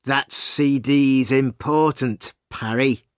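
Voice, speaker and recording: Man putting on an angry demanding rich man, curt, slow words, storybook reading, dry recording. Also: mid-range voice, steady tone, no echo, lightly acted. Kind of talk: storybook reading for English learners.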